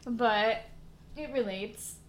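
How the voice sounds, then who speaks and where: Giggly high-voiced young woman, echoey. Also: drawn-out words. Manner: giggly, lots of laughter and "like" fillers. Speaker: podcast co-host. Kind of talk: casual chat. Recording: echoey room with noticeable noise.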